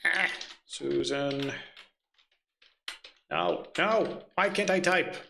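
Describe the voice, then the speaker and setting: A man's voice: fairly high pitch, very slow, creaky, sharp tone, a little hiss or hum. A man running a tabletop game, muttering and swearing to himself as he hunts for his notes. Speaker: game master.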